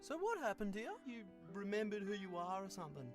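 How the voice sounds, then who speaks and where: A man voicing a crude, friendly male sasquatch in a cartoon, with a sweary, excitable manner. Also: high voice, brisk, over music. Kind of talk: cartoon voice acting.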